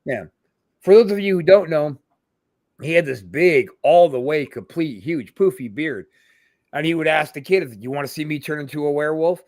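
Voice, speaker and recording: A man's voice: a little high, animated, moderate pace, a little mellow, dry recording, studio quality. A middle-aged man hosting a casual podcast, telling profane stories and quoting people in their voices. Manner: profane, storytelling with quoted voices. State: throat tightening with emotion. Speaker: podcast host.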